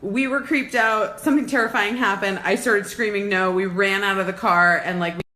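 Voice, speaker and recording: A woman in her thirties telling a story to her phone, excitable and breathless, often breaking into shrieks and laughter. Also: mid-range voice, fairly quick. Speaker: vlogger. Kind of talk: rambling Instagram story.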